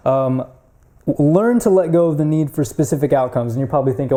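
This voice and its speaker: An upbeat young man co-hosting a casual talk show, his voice a little high yet very dark in tone. He laughs easily and trips over words now and then as he chats. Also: brisk. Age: young adult. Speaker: podcast co-host. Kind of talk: casual chat.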